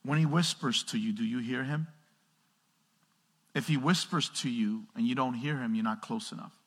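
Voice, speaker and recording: Pastor, man; sharp husky voice, call-and-response preaching, long reverb of a church hall. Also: mid-range voice, moderate pace. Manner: call-and-response questions to the congregation; builds to raised, emphatic preaching. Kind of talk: sermon. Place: church sanctuary.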